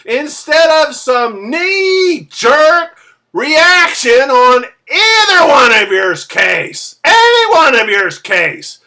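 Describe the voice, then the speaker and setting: A woman's voice: high voice, bright, forceful tone. A woman vlogger delivering an impassioned rant to camera, searching for words and repeatedly bursting into a raised, emphatic voice. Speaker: vlogger and MLM member.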